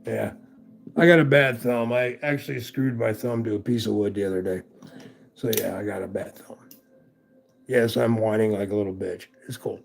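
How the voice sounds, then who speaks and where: Gravelly casual knife-review streamer man. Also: medium pitch, steady tone, fairly quick. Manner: rambling, profane, chatty with viewers. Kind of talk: casual livestream chat.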